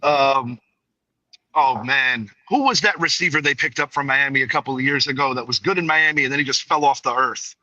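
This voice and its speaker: A man's voice: mid-range voice, a little fast, pushed and bright, no echo, muffled recording. A man hosting a casual sports podcast, laid-back and opinionated, laughing along with his co-hosts. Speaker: podcast host.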